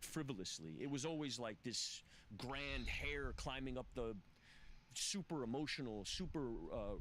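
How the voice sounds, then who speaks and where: A man's voice: mid-range voice, a bit bright, slight background noise. A man speaking as a podcast guest, telling his recovery story candidly in a profane, emphatic way with frequent restarts. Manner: profane, emphatic, restless phrasing with repeated restarts.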